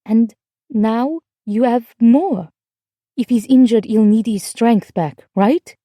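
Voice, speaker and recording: A woman voicing an earnest teenage French girl in an audiobook, speaking in a pleading, eager way, a little higher and lighter than her narration. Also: slow, warm tone, no room sound. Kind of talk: audiobook character voice.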